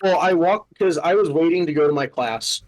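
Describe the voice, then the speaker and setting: Poor audio carries a young podcast host's fairly high, brisk voice. He rants his way through a story, casual and fed up, cursing and leaning on "like" as filler.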